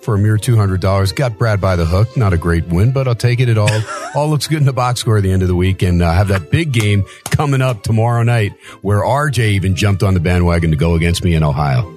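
A man's voice: fairly low pitch, quick pace, darkish tone, soft background music. A man on a betting panel giving rambling, casual picks with frequent fillers and self-amused laughs.

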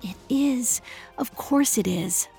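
A woman voicing a tender, adoring young goddess who speaks in a soft, hushed, breathy way. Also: on the high side, normal speed, soft background music, pitched above the performer's own voice.

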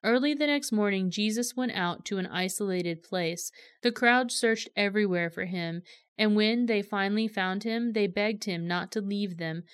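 A woman reading scripture aloud in a steady, measured storytelling manner. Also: medium pitch, clear, resonant tone, no echo, studio quality. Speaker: scripture reader.

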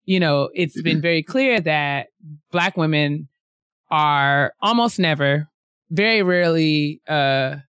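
Halting woman with a smooth voice. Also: low-pitched, fairly bright tone, no echo, clean studio sound. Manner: halting, many fillers and restarts, laughs often. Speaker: book club co-host. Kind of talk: casual podcast book discussion.

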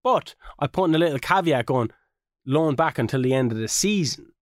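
Man, fairly high voice, dry close sound, animated, swearing, casual gaming chat. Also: fairly quick, no echo. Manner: animated, swears a lot, acts out quotes. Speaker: podcast co-host.

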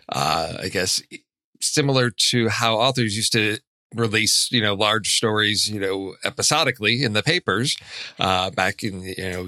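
A man's voice: mid-range voice, pushed and bright, no room sound. A man co-hosting a casual movie podcast, talking in a rambling way with many restarts. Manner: rambling, restarts, frequent laughs. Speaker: podcast co-host.

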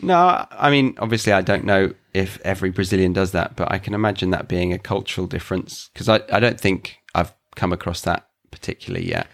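A man's voice: low voice, big pitch swings, fairly quick, vocal fry, hardly any pauses, fairly bright tone. A man with a British accent hosting a podcast, easygoing and chatty, mostly answering with short agreeing replies. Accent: British English. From Britain. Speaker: podcast host. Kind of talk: casual chat and podcast outro.

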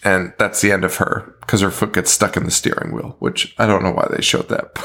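A man's voice: deep voice, normal speed, vocal fry. A man co-hosting a horror podcast, casually recapping a film with lots of laughter and swearing. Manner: laughing often, swearing, animated storytelling. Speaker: podcast co-host.

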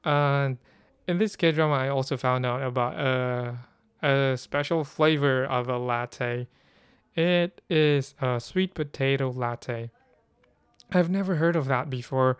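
Smooth-voiced man musing aloud. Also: mid-range voice, slow, no echo. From Philippines. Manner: rambling, thinking aloud with many fillers. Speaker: podcast host. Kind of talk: casual solo podcast talk.

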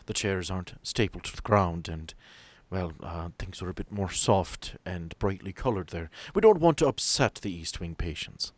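A man's voice: low-pitched, expressive, normal speed, no room sound. A man voicing an asylum staff member who gives a tour, speaking in a matter-of-fact, businesslike way.

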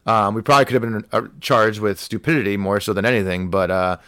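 A man's voice: lowish voice, quick pace, clear, resonant tone, no echo, clean studio sound. A young adult man, a podcast guest, casually telling a funny story from his teenage years. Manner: animated anecdote telling, acts out quoted voices.

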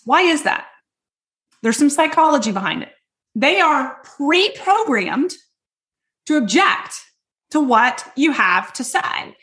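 A woman sales coach teaching in a loud, hypey, energetic way, talking straight to her listeners and checking they follow. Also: sits high. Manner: quick, emphatic, addresses listeners directly.

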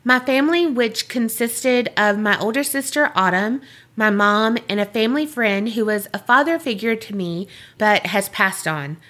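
Woman, podcast co-host, high voice, bright tone, giggly, animated banter. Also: normal speed. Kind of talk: casual chat, reading listener emails.

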